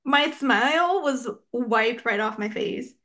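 A woman's voice: on the high side, expressive, bright, forceful tone. A woman co-hosting a podcast in casual chat, reading stories aloud and giggling often. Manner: giggly, reads stories in an easy, unhurried way. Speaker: podcast co-host.

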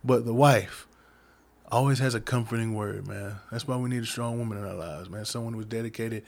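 A man's voice: on the low side, fairly quick, gravelly, darkish tone. A man telling a Bible story in a casual, slangy way, often saying "man" and acting out the characters' lines in conversation. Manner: slangy, laid-back, says "man" a lot. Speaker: Bible study speaker.

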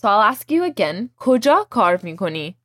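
A woman's voice: mid-range voice, very animated, fast talker, dry recording. Woman teaching a language lesson, dry close sound. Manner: patient, clear explanations, models each word for repeating.

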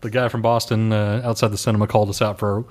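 A man's voice: on the low side, flat delivery, quick pace, darkish tone. A man co-hosting a podcast, teasing and joking in casual banter. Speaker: podcast co-host. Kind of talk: casual chat.

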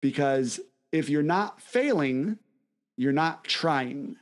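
A man's voice: fairly high pitch, expressive, takes it slowly. A young man co-hosting a podcast in casual chat, upbeat and enthusiastic, laughing often. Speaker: podcast co-host.

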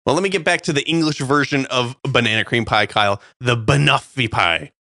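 Bright, playful man, dry close sound. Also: medium pitch, expressive, fast, dry recording. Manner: playful, jokey, laughs often. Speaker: co-host of a cooking show. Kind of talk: casual banter.

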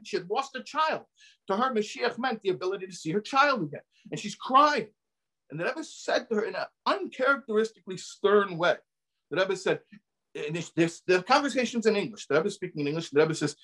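A rabbi with a fairly high, slightly bright voice preaches a sermon with passion, a little fast and with lively intonation. He repeats key phrases for emphasis and weaves in Hebrew and Yiddish terms.

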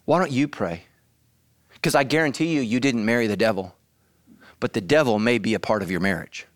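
A middle-aged man, a pastor, preaching an animated comic sermon full of storytelling, shouts and acted voices. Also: mid-range voice, brisk, no echo.

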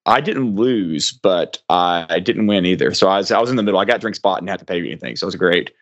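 A man with a low voice hosts a podcast in a chatty, joking way, telling stories loosely. His audio sounds dull and lo-fi, as if it comes over a remote call. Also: fast talker. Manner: jokey, chatty storyteller. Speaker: podcast host. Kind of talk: casual podcast chat.

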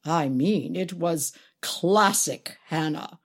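A woman with a low, husky voice speaks at a slow pace, heavily acting the part of an older male stage actor in a storybook reading. Her character is a sardonic veteran, and the delivery is mocking and gossipy.

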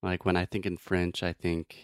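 Playful man teaching pronunciation, low voice. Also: level tone, smooth, dry recording. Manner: playful, explains slowly with examples. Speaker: English teacher. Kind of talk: casual pronunciation lesson.

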